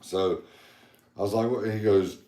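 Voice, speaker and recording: Male podcast co-host, very low voice, boastful rambling chat, echoey room. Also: normal speed, a little mellow. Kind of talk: casual chat.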